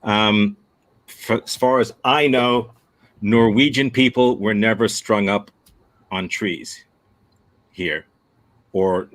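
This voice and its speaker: A man from the States teaching improv, his voice sitting low. He talks over a video call, answering a student thoughtfully and bluntly. He circles his point with halting starts and restarts. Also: fairly bright tone. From United States. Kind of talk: answering a student's question in a workshop.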